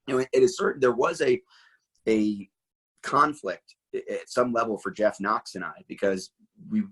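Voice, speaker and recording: A man's voice: fairly low pitch, normal speed, fairly bright tone, slightly rough, poor audio. A middle-aged man talking animatedly as an interview guest, full of asides and rhetorical questions. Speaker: interview guest, firearms trainer.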